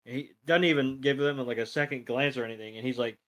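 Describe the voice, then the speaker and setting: A man's voice: medium pitch, fast, fairly bright tone. Rambling male co-host retelling a plot. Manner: rambling retelling full of ums and uhs. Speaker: podcast co-host. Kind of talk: casual plot recap.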